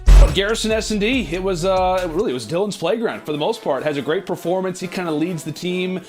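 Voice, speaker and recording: A man's voice: high voice, fast, soft background music. A man casting a live esports match, chatty and full of fillers as he breaks down the series. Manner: chatty, filler-heavy, builds excitement. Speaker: esports caster. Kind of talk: live esports play-by-play and analysis.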